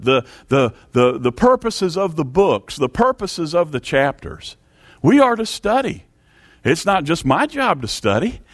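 Male preacher, mid-high voice that swings widely, dry close sound, emphatic sermon delivery. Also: no echo. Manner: emphatic, repetitive preaching with Bible readings in King James English.

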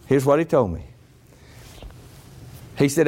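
High-voiced man preaching fervently. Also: animated, moderate pace, long pauses. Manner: fervent, repetitive storytelling. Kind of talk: revival sermon with storytelling.

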